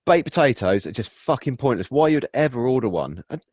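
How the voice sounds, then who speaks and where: A man's voice: medium pitch, big pitch swings, fairly quick, darkish tone, no room sound. Rambling man on a dull, dry recording. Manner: rambling, self-interrupting, profane. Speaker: podcast co-host. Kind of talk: casual chat.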